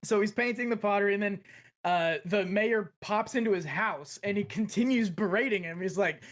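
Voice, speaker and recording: A man's voice: high-pitched, moderate pace, a bit bright. A man co-hosting a casual podcast chat, talking in an enthusiastic, profane and rambling way. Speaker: podcast co-host.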